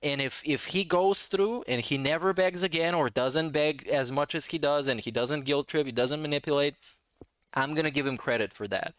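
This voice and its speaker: A man's voice: fairly high pitch, normal speed, a bit bright, no room sound. A man hosting a casual reaction commentary, talking in a sarcastic, mocking way. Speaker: commentary channel host.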